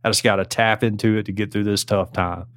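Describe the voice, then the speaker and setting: A man's voice: lowish voice, fairly even intonation, a little fast, a bit bright, dry recording, clean studio sound. A man with a Southern US accent co-hosting a podcast, giving joking, folksy advice in casual chat. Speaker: podcast co-host.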